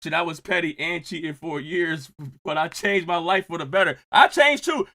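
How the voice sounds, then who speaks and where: A young man streams casual reaction commentary at a moderate pace, joking with his live chat. His delivery lurches between loud outbursts and low mutters.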